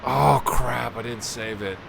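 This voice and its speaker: A man's voice: mid-range voice, slow, creaky, noisy background. A man giving casual live commentary while playing a video game, chatty and self-deprecating, laughing often at his own mistakes. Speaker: game streamer.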